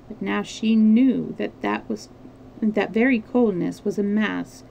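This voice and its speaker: A woman storyteller reading a classic novel aloud on a live stream, expressive, with small slips and restarts. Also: mid-range voice, a little slow, creaky, highs cut off, a little hiss or hum.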